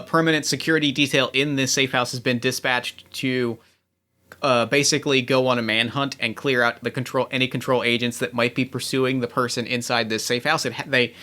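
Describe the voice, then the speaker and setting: A male game master hosts a tabletop role-playing game and sets scenes in a loose, halting way. His voice is bright and clear at an ordinary pitch. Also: steady tone. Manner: loose, hesitant scene-setting with many fillers.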